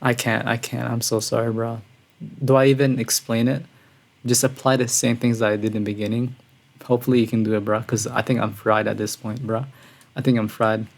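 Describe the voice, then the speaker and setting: A man streaming a music reaction, talking casually and excitedly, breathless and calling his viewers "bro". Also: mid-range voice, fairly quick, vocal fry. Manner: excitable, says "bro" often, gushing. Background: song playing quietly.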